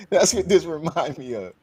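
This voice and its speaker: A man's voice: on the high side, big pitch swings, takes it slowly, a little mellow. A man hosting a livestream, reacting to clips with casual commentary, laughing often and talking profanely. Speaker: livestream host.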